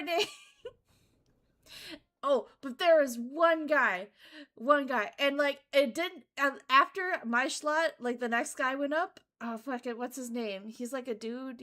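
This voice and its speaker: A young woman VTuber chatting casually, telling a story in an animated way, with frequent laughs and casual swearing. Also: high-pitched. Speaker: VTuber streamer. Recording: faint background music.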